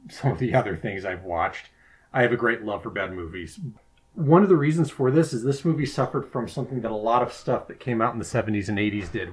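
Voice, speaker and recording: A man hosting a podcast in casual chat, measured and deliberate, turning formal when reading out contact details. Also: on the low side, low-quality recording. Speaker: podcast host.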